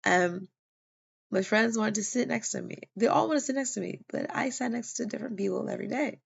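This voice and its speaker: A woman's voice: medium pitch, fairly quick, creaky, slightly rough. A tired, yawning woman telling a personal story in a casual, rambling way, with lots of fillers and restarts. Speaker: vlogger sharing a personal testimony. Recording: dull lo-fi recording.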